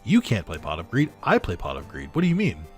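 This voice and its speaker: A man's voice: low-pitched, huge pitch swings, quick pace, darkish tone, soft background music. A man casually commenting on a video game as he plays, rambling, swearing and laughing at his own jokes. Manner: reads game dialogue aloud in put-on voices. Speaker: gameplay commentator. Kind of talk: casual let's-play commentary.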